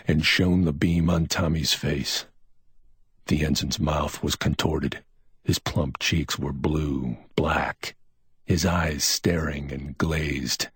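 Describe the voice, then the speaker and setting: A man reading pulp crime fiction as an audiobook narrator, steady and even. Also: very deep voice, breathy edge, no room sound, clean studio sound.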